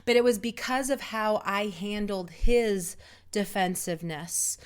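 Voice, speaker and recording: A woman's voice: medium pitch, measured pace. A woman giving casual spiritual advice in a reflective, meandering, conversational way. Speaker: spiritual guide.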